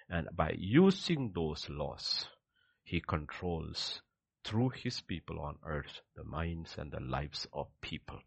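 A deep, gravelly male preacher delivering a sermon with a lively, rising-and-falling delivery. He drives his points home with rhetorical questions and swings between loud declarations and hushed asides, his voice husky and dry. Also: no room sound, highs cut off.

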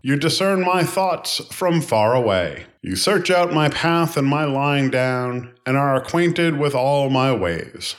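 A man reads scripture aloud in a calm, steady voice of middling pitch. His phrasing is even and unhurried, with each line set apart. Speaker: scripture reader. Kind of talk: measured scripture reading.

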